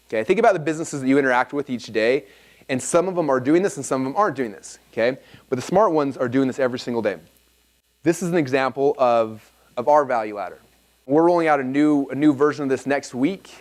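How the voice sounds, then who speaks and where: A man in his thirties giving an energetic seminar talk, telling anecdotes and acting out both sides of the dialogue. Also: medium pitch. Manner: fast, animated storytelling, acts out dialogue. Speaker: speaker at a live seminar.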